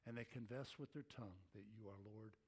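A male pastor preaching a sermon, animated, acting out the voices of his listeners. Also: fairly low pitch, brisk, breathy edge.

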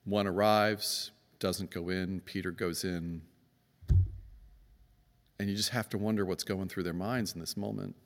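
In a church hall's long reverb, a preacher speaks a little slowly with fairly even intonation and long pauses. His sermon is conversational: he tells the story in his own words and acts out the quoted voices with emphatic pitch swings.

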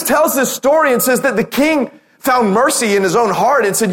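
A man preaching a sermon as pastor, telling a parable with lively acted-out quotes and rallying calls. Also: very high voice, normal speed, a little hiss or hum. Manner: animated storytelling, acting out quotes.

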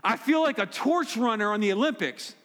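A high, expressive male voice moves fairly quickly over a noisy background as a pastor preaches a sermon, direct and emphatic, repeating his key points. He is in a church sanctuary, and the recording carries a long hall reverb.

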